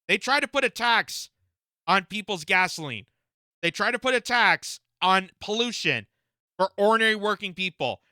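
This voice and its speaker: A man's voice: sits high, animated, moderate pace, pushed and bright, dry recording, clean studio sound. A man from Canada giving indignant reaction commentary, firing off rhetorical questions with frequent fillers. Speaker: political commentator.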